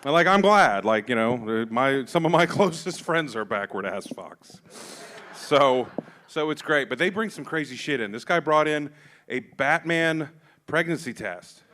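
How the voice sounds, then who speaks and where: On a club stage, a man who hosts a comedy show spins profane stand-up stories and performs the dialogue himself. He speaks at a measured pace in a fairly high, fairly bright voice with lively intonation.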